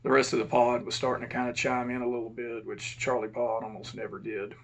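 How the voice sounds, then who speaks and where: A former prison officer telling a casual, profane story and acting out the dialogue. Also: male voice, medium pitch, little pitch movement, brisk, gravelly.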